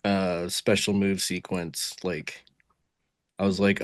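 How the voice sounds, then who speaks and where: A man's voice: deep voice, flat delivery, slow pace. A man co-hosting a wrestling review podcast, talking with casual enthusiasm and some swearing. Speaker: podcast co-host.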